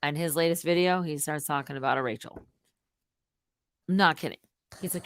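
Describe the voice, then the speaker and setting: A middle-aged woman hosting a live stream, rambling casually and swinging between loud outbursts and muttered asides. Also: low-pitched, fairly quick.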